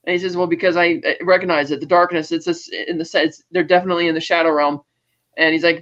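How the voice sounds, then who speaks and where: A high-pitched man with a bright, forceful edge to his voice hosts a casual movie review chat. He retells scenes with animation and slips into the characters' lines as he goes. The sound is dull and lo-fi. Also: fast talker. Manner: animated storyteller, acts out lines of dialogue. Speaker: podcast host, film reviewer.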